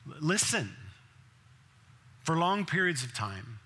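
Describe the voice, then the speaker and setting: A man's voice: a little high, very animated, slow pace, pushed and bright. A male pastor preaching a sermon in a conversational way, asking the congregation direct questions.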